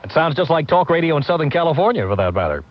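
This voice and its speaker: A man from the United States hosting a call-in talk radio show, brisk and joking as he runs the calls. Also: a little high, very animated, a little hiss or hum. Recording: muffled 1990s radio broadcast.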